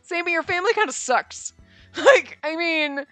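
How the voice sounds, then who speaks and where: A woman's voice: extremely high pitch, moderate pace, dry recording, faint music behind. A young woman streamer playing a visual novel, ranting and laughing with lots of swearing. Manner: animated, profane, laughing rants. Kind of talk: let's play commentary, reading aloud.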